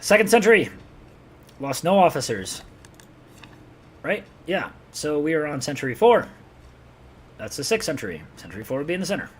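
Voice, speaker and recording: A man with a New York accent streaming a strategy game live, rambling in a loose, chatty way. His voice sits a little higher than most men's, and he keeps up running commentary with his viewers. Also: big pitch swings, moderate pace, pauses often, husky. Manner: chatty, rambling, talks to chat while playing. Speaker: gaming streamer.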